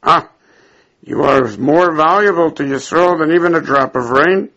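A man with a raspy, gravelly voice pitched a bit high leads a Talmud class. He reads each passage aloud, translates and explains it, and acts out the quoted sages with shifting pitch. The recording sounds dull and lo-fi. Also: moderate pace, bright, forceful tone. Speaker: Talmud teacher.

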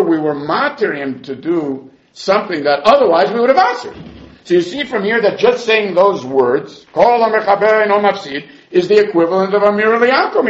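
Male Talmud teacher, lively and high, debating both sides; roomy, muffled lo-fi recording. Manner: animated, argues both sides in quoted voices. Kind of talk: Talmud class lecture. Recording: echoey room, dull lo-fi sound.

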